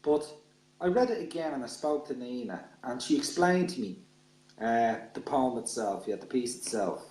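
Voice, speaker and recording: A man's voice: mid-range voice, expressive, normal speed, darkish tone. A man hosting a radio show, chatting with his co-presenter in jokey, teasing banter. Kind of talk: radio chat. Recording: echoey room sound.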